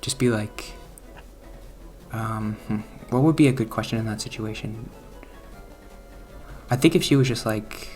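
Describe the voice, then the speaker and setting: A man's voice: on the low side, measured pace, pauses often, a little mellow, faint music behind. A man talking casually over gameplay, rambling and self-deprecating, often trailing off, restarting and chuckling at himself. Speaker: gaming channel host.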